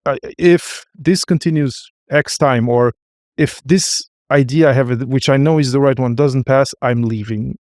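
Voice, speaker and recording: A man hosting an interview podcast, speaking haltingly with frequent restarts and affirming fillers. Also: mid-range voice, darkish tone, no echo, clean studio sound. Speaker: podcast host. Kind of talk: interview conversation.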